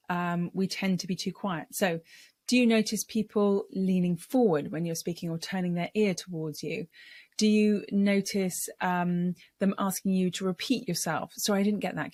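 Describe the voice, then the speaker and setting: A middle-aged woman voice coach giving a lesson on speaking, explaining clearly and measuredly. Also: mid-range voice, a little mellow, no echo.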